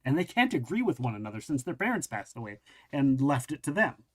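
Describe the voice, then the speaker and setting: A man's voice: mid-range voice, big pitch swings, fairly quick, husky. A man voicing Winston, an earnest courtly aide. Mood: courteous. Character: diplomatic male noble's aide, poor at sarcasm.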